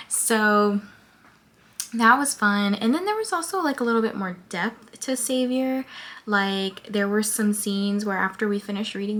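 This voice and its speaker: A woman's voice: medium pitch, fairly bright tone. A woman book vlogger chatting casually about her reading and reading book blurbs aloud, with a lot of "like" fillers. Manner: chatty, filler-heavy with frequent "like".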